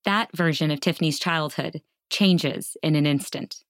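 A woman hosting a podcast, narrating in a measured, earnest way and interviewing her guest. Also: low voice, no echo, clean studio sound. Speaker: podcast host and cognitive scientist.

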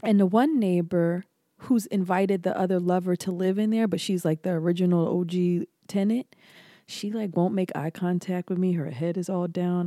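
Her pitch is fairly low and her pace moderate, captured in studio quality with no echo. A young adult woman co-hosting a podcast, she tells stories in casual talk and plays out the quoted lines with animation.

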